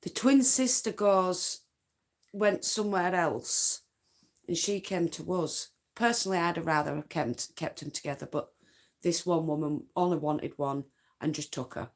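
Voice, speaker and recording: A woman with a Yorkshire accent, chatting in a loose, rambling way on a late-night livestream from home. Her voice sits a little low, and she takes her time with each thought. Dialect forms slip into her everyday talk. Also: measured pace. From North Yorkshire, England. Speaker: craft livestream host. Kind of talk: casual late-night live chat.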